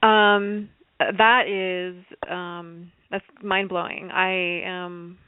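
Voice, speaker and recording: An encouraging interview host who answers a guest with warm affirmations and follow-up questions. The voice sits in a middle range and sounds dry, carried over a narrow, phone-like line. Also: medium pitch, flat delivery, drawn-out words, clear, resonant tone, dry recording.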